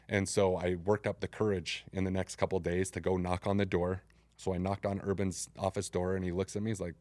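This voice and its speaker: Deep-voiced man telling his story. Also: fairly quick, no echo. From Utah, United States. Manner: animated, acts out quoted dialogue. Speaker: interview guest, former football player. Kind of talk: casual storytelling.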